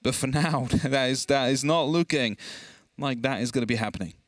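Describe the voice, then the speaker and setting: A young man casting an esports match, chatty and energetic, laughing easily. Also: mid-range voice, normal speed, no room sound. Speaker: esports caster. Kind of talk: esports commentary.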